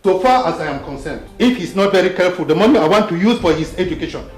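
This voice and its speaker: A man's voice: high-pitched, animated, fast, a little mellow, faint music behind. An actor playing a stern husband who blames his wife and dismisses her with scorn. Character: stern blaming middle-aged husband. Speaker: husband and father. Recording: roomy echo.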